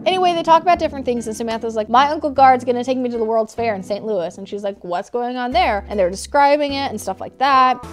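A woman's voice: a little high, fast talker, hardly any pauses, soft background music. A young woman with a sick voice, recapping a movie with sarcastic, jokey asides. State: sick, stuffy voice. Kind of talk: comedic movie recap narration.

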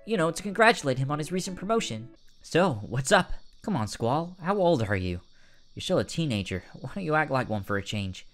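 A man's voice: sing-song, a little fast, faint music behind. A man voicing a bubbly, upbeat teenage girl in a raised, cheery tone. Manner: raised pitch, cheery reading.

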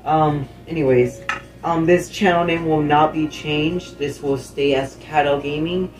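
A man's voice: a little high, fairly even intonation, measured pace, reverberant, distant mic, rough recording. A young man chats casually over his gameplay, laid-back and rambling, his speech dotted with ums. He sits a little away from the mic, and faint background noise runs under his voice. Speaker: gaming channel host. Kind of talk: casual gaming commentary.

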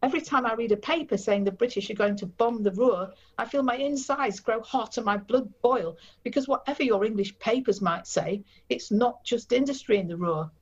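A woman's voice: fairly high pitch, normal speed, hardly any pauses, breathy edge, voice pushed up. A woman reading an earnest young German baker. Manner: pleading, sad. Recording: dull lo-fi recording.

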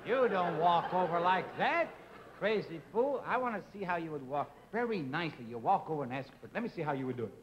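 A man playing an impatient, smooth-talking dance teacher who scolds and coaxes his pupil in a 1950s TV sketch. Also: fairly high pitch, expressive, brisk, natural voice. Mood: bossy. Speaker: comic actor in a sketch. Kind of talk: 1950s live TV sketch comedy. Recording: dull 1950s broadcast with studio audience laughter.

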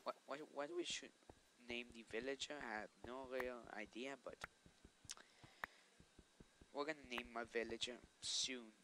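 A man's voice: mid-range voice, steady tone, a little slow, pauses often, noisy background. A man giving casual gameplay commentary, chatting to viewers and scolding the monsters aloud. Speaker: let's play host.

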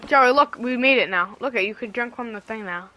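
A woman chatting casually while playing a game with a friend, swearing and teasing, with sudden loud outbursts. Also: on the high side, fairly quick, poor audio. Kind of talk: casual gaming chat.

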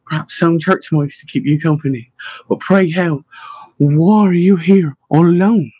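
A man reading an audiobook, voicing a polite, inquisitive woman who talks in formal, old-fashioned phrases with a husky voice. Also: deep voice, measured pace, warm tone, no echo, dull audio. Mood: curious. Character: polite, curious woman investigator. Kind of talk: audiobook narration.

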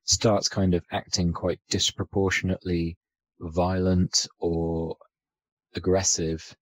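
Deep-voiced man musing about films. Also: level tone, slow, no room sound, poor audio. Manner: rambling, filler-heavy, thinks aloud. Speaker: podcast co-host. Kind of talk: casual film discussion.

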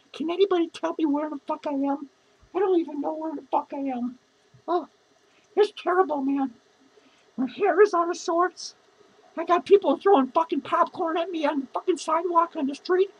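A man's voice: very high-pitched, dull audio. A man playing a drunk, foul-mouthed lonely clown who rambles, slurs and giggles through a comedy monologue. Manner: slurred, rambling, swearing constantly, giggling. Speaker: comedy character performer.

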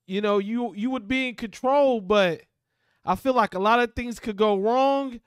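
Male reaction host, high clear voice, dry close sound, thinks out loud. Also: moderate pace, no room sound. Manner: hesitant, thinking aloud with repeated words. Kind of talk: casual reaction commentary.

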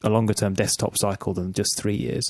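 A man co-hosting a podcast, chatting casually with a wry, teasing edge. His voice sits a little low and sounds close and dry, with no room around it. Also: animated, brisk, creaky, a little mellow, no echo. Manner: wry, teasing, steers the running order. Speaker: podcast co-host. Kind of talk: casual chat.

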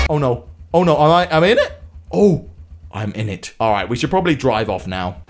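A young man giving excitable let's-play commentary on a game, talking straight to his viewers and yelling in triumph or panic. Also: fairly high pitch, normal speed, background noise. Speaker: gaming YouTuber.

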